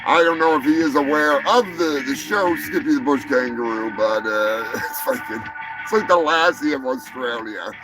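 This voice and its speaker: A man hosting a crude live show, rambling and swearing, jumping from loud outbursts to mumbled asides. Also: mid-range voice, moderate pace, low-quality recording. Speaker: show host. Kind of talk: crude live-stream rant. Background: music.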